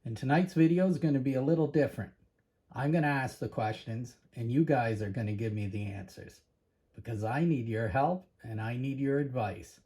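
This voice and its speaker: A man's voice: medium pitch, normal speed. Chatty, slightly breathless Canadian man. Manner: chatty, animated storytelling. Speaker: precious metals channel host. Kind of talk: casual vlog talk to viewers.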